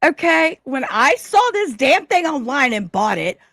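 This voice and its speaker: A woman's voice: sits high, big pitch swings, moderate pace, a bit bright, no echo. A woman hosting a live stream in casual chat, rambling and losing her words. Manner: scattered, rambling, self-interrupting. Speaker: livestream host.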